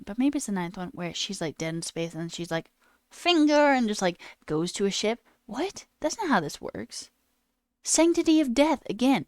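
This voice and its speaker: A woman streamer ranting in a casual, animated way, swearing and mocking voices in quotes. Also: medium pitch, no echo, studio quality. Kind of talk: casual live-stream rant. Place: home room.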